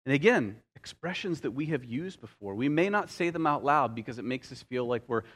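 A male pastor preaching a sermon, telling stories with light humorous asides and slowing down to stress key phrases. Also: medium pitch, animated, fairly bright tone, husky.

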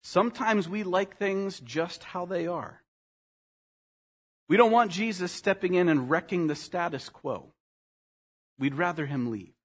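A man preaching a sermon as pastor, animated, climbing to emphatic highs and sinking to quiet, earnest lines, with quick acted asides for people in the story. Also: slightly rough. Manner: animated, rising to emphatic peaks and dropping to quiet.

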